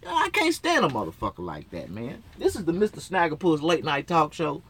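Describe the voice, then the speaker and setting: High, lively, bright-voiced man ranting. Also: brisk, few pauses, husky, dry recording. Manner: profane, rambling rant with frequent cursing. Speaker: talk show host. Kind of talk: solo ranting talk show. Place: in his motorhome.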